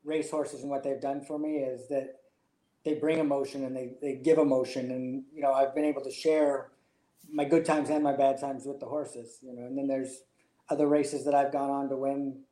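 A man's voice: mid-range voice, level tone, moderate pace, dark tone, reverberant, poor audio. A man, a jockey, telling his story in an interview in a reflective, emotional way. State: choked up. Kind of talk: interview answers.

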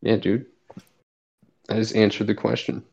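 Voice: medium pitch, flat delivery, unhurried, gravelly, darkish tone, breathy edge, lo-fi sound. A podcast co-host in casual banter, joking and self-deprecating, laughing often.

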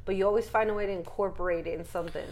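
A woman's voice: medium pitch, fairly even intonation, very fast, a little mellow. A woman in casual chat who laughs often and teases the man she is talking to.

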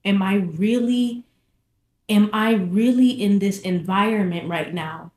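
A young woman casually telling her personal testimony, animated and repeating phrases for emphasis. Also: medium pitch, slow pace. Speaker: vlogger sharing her testimony. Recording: echoey room.

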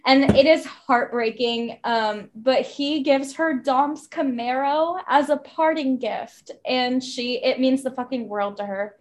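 Young female podcast co-host, higher register, lively conversational recap with acted-out dialogue. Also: slow pace, hardly any pauses, slight background noise. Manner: animated retelling, acts out dialogue, swears casually. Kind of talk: casual book recap chat.

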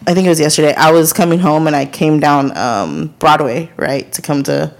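A woman co-hosting a podcast in casual chat, telling stories in a profane, animated way. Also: low voice, normal speed, gravelly. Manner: profane, animated storyteller who acts out other people. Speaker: podcast co-host.

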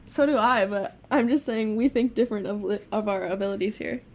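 A woman's voice: mid-range voice, a little fast. A young woman co-hosting a casual podcast, laughing often and swearing freely as she tells stories. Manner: giggly, swears a lot, animated storytelling. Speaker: podcast co-host. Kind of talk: casual chat.

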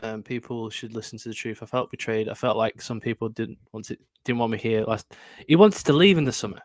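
A man's voice: fairly low pitch, fairly quick, no echo. A young man with a Lancashire accent co-hosting a podcast, chatty and joking, often laughing. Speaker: podcast co-host. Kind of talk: casual chat.

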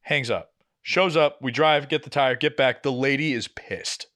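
Young man, mid-pitched, animated storyteller, swears a lot. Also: measured pace. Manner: animated storyteller, swears often, acts out quoted people. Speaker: podcast co-host. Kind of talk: casual storytelling.

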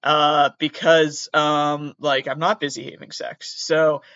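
A man's voice: on the high side, level tone, slow pace, pushed and bright, smooth, no echo, muffled recording. A young man hosting a podcast, rambling in a casual, jokey, self-mocking way, talking into a laptop mic. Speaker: podcast host.

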